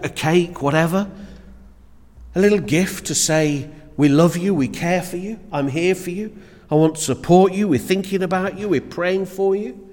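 A man preaching a sermon to a church congregation in an earnest, emphatic way, often repeating words as he builds his points. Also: on the high side. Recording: reverberant church hall.

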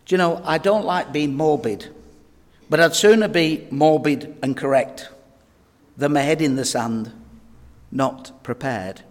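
A man's voice: fairly high pitch, a little slow. A man preaching a sermon, telling earnest and humorous stories to his congregation. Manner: earnest, humorous anecdotes, addresses folks directly. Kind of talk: sermon with storytelling. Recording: long reverb of a church hall.

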